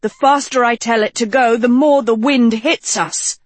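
A woman acts out a stubborn teenage girl fighting a storm at the wheel, her voice raised and growling. Dry and close, a touch higher than the narration. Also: steady tone, normal speed, no echo, close to an everyday voice. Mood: urgent. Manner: raised, growling and shouting over wind.

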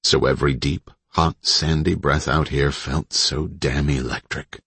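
A man reading an audiobook in a steady, dramatic narrating style on a close mic. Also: extremely low pitch, unhurried, husky, no room sound. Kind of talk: scripted narration.

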